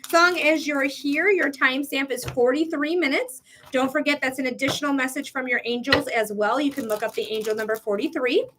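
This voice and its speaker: High-voiced chatty woman psychic streamer. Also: a little fast, noisy background. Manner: chatty, talks to viewers and spirit, swears casually. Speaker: psychic reader hosting a live stream. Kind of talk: casual live-stream reading.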